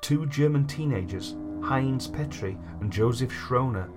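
A man's voice: mid-range voice, expressive, a little slow, over music. A man hosting a podcast, reading history notes aloud and then chatting loosely with fillers. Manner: reads long passages, then chats with fillers like "like" and "you know". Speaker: podcast host. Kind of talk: reading history notes between casual chat.

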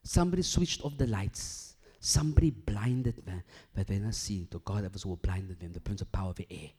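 A man preaching a sermon, swinging from loud emphatic bursts to hushed low lines and repeating phrases as he builds a point. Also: fairly quick, slightly rough.

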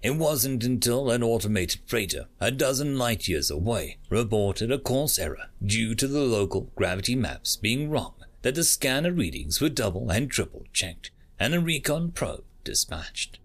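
A man narrating short science fiction stories as an audiobook, in steady, scripted storytelling. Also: mid-range voice, normal speed, hardly any pauses.

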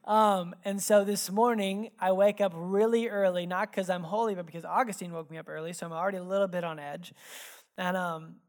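A man preaching a sermon, telling stories from his own life in a casual, animated way full of "like" asides. He drops into hushed, earnest tones when he turns reflective. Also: high-pitched, brisk. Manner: casual, animated, filler-heavy delivery. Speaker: pastor. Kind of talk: sermon with personal storytelling. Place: church sanctuary.

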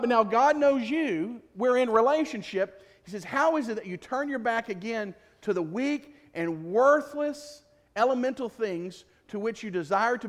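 A man preaching a sermon as pastor, in a conversational, jokey way full of rhetorical questions. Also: very high voice. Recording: long reverb of a large hall.

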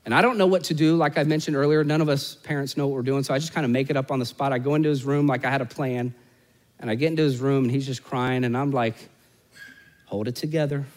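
Quick-paced and steady-toned at medium pitch, a fortysomething preacher recounts a family story from the pulpit, with humorous asides to the congregation. He swings from booming, emphatic moments to soft, hushed ones, and a long reverb tail follows his words.

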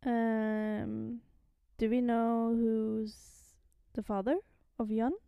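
Slow, mellow, higher-voiced woman chatting. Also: monotone, vocal fry, clear, resonant tone, dry recording, narrow, tinny audio. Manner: chatty, with many fillers and little laughs. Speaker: podcast co-host. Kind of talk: casual chat about a comic series.

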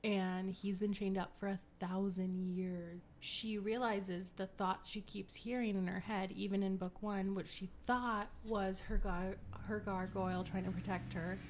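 A woman's voice: mid-range voice, level tone, measured pace, few pauses, slight background noise. A woman co-hosting a podcast, recapping a novel in casual chat, swearing freely and acting out the characters' lines. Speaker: podcast co-host.

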